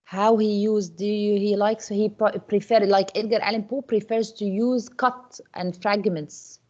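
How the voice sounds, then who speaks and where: A woman's voice: mid-range voice, steady tone, measured pace, a little mellow, lo-fi sound. A woman English teacher teaches an online class, repeating questions to her students with many fillers and restarts.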